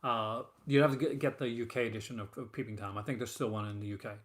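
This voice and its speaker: Talking fast in a steady, medium-pitched voice, a man hosts a horror film collecting show on a relaxed live stream. He rambles with viewers, dropping fillers and restarting his thoughts.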